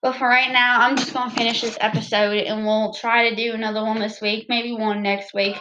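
A woman's voice: a little high, level tone, brisk, background noise. A woman with a Southern American accent chatting casually and ramblingly to her viewers about the songs she plans to sing. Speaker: vlogger singing covers.

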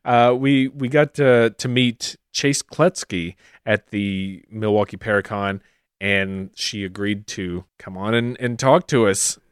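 A man's voice: fairly low pitch, dry recording, clean studio sound. A man co-hosting a podcast in casual chat, who also reads out a guest introduction. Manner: easygoing, halting restarts, then smooth reading. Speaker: podcast co-host.

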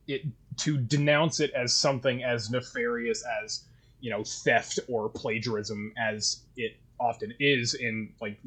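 A man's voice: medium pitch, slightly rough. A young man with a Canadian accent, co-hosting a podcast in wry, joking casual chat and swearing freely. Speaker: podcast co-host.

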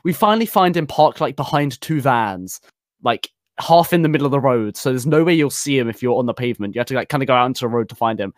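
A man's voice: medium pitch, expressive, quick pace, dry recording, clean studio sound. A young man co-hosting a casual podcast, telling a long profane story with lots of fillers and restarts. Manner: rambling, profane, laughing storyteller. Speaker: podcast co-host.

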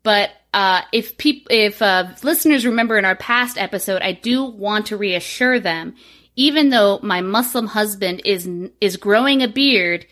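A woman's voice: medium pitch, moderate pace, fairly bright tone. A woman co-hosting a podcast, joking irreverently and swearing freely in casual chat. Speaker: podcast co-host.

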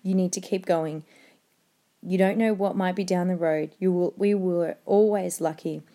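A weary, dying father speaks quietly and insistently to his son, as a woman reading to her class gives him his lines. The voice stays mellow and gentle. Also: on the low side, fairly even intonation, moderate pace, close to an everyday voice. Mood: tender. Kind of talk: reading a novel aloud to a class.

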